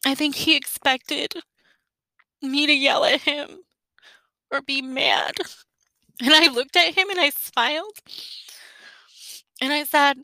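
A woman in her thirties, a mother telling a personal story in an emotional, heartfelt monologue with soft laughs. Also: high-pitched, steady tone, slow pace, pauses often, no room sound, low-quality recording.

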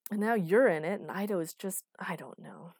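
A man's voice: sits high, animated, normal speed, no echo. Woman voicing tense male official, irritated, exasperated, audiobook, dry close sound. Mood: agitated. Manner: agitated, exasperated.

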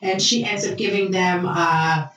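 A woman's voice: fairly low pitch, unhurried. Brief: easygoing woman storyteller, mic at a distance, very roomy sound. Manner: relaxed storytelling with fillers. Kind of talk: casual chat recapping a TV drama. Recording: echoey room, far from mic, faint music.

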